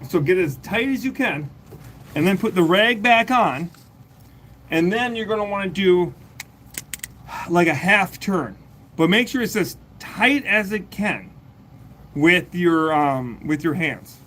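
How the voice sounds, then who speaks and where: A woman's voice: fairly low pitch, animated, slow, pauses often, fairly bright tone, slight background noise. A woman hosting a casual livestream, coaching a viewer through a home repair and then explaining it plainly. She chats loosely, laughs often and swears casually. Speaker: livestream host answering home repair questions.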